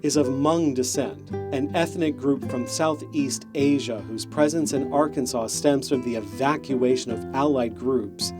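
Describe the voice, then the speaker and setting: A man reading scripted documentary narration in a measured, explanatory tone. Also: medium pitch. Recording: narration over guitar music.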